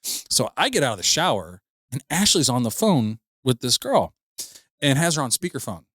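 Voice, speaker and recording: A man's voice: mid-range voice, big pitch swings, moderate pace, fairly bright tone, no echo, studio quality. A man in his thirties co-hosting a podcast, telling a long embarrassing story in a rambling, laughing way with lots of restarts. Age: 30s. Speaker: podcast co-host. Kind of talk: casual storytelling chat.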